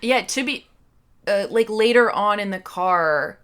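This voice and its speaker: A woman joining a podcast as a guest, her voice mid-pitched and plain. She chats casually and keeps questioning the logic of what she watched. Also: expressive, a little slow, fairly bright tone. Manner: incredulous, questioning. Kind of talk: casual chat.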